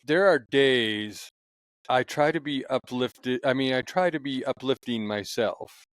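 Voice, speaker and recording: A man's voice: mid-range voice, a little slow, no echo. A man hosting a podcast in casual chat, laughing easily and sometimes searching for words. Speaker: podcast host.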